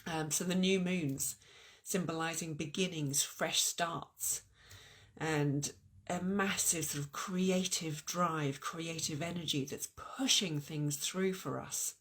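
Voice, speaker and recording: A woman giving an earnest, encouraging spiritual talk at an online event. Her voice is going hoarse, and she is animated and often restarts her sentences. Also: low voice, slow. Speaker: spiritual teacher.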